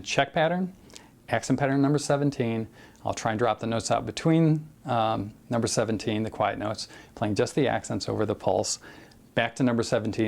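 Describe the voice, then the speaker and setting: A man teaching a drum exercise in a relaxed way, talking it through with many fillers and counting beats aloud. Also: fairly low pitch, gravelly. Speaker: drum instructor. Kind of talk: casual drum lesson with counting.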